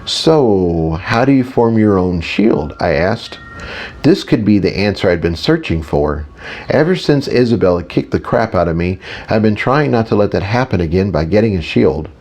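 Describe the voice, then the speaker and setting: Casting: male audiobook narrator, casual first-person read, low voice. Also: darkish tone. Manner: casual, with small reading slips.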